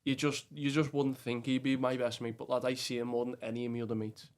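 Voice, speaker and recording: A man's voice: medium pitch, level tone, quick pace. A man from Liverpool with a Scouse accent, talking bluntly in a casual podcast chat, swearing often and calling people lad. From Bootle, Liverpool, England. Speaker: podcast guest.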